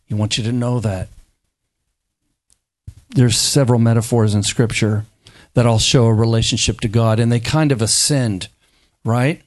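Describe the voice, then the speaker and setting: Animated man preaching a sermon. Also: medium pitch, moderate pace, pauses often. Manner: animated, acts out biblical dialogue in playful voices.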